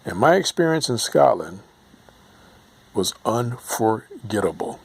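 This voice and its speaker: A man's voice: mid-range voice, big pitch swings, takes it slowly, gravelly, husky. An American man in his late forties talking casually to camera, rambling and hesitant with many ums and restarts. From United States. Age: 40s. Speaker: vlogger. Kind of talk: casual reminiscing monologue.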